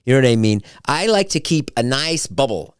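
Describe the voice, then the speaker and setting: On his own solo podcast, a man chats casually and tells stories as an animated storyteller, acting out the quotes. His mid-range voice is smooth at a normal speed, with studio quality and no room sound.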